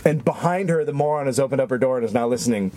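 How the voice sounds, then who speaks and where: A man co-hosting a podcast, telling a long, rambling story in casual chat, animated and swearing constantly. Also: medium pitch, rapid-fire. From lives in Los Angeles. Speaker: podcast co-host.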